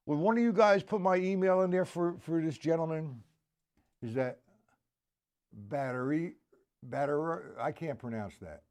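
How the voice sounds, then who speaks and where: A man's voice: fairly high pitch, a little slow, pauses often, darkish tone. A man giving a live-streamed drum lesson, counting beats aloud, joking and answering viewers by name. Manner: casual, joking. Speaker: drum teacher.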